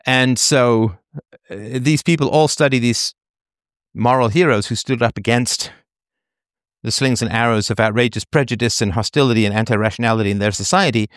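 A man's voice: medium pitch, normal speed, dry recording, clean studio sound. A man, an author, talking at length in a conversational interview, emphatic and digressive with a slightly sardonic edge.

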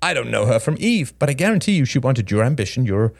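Brief: male reader playing a sharp, candid young woman, quick and wry, lively lilt. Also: mid-range voice, gravelly, no room sound, clean studio sound. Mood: lecturing. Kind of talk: audiobook character voice.

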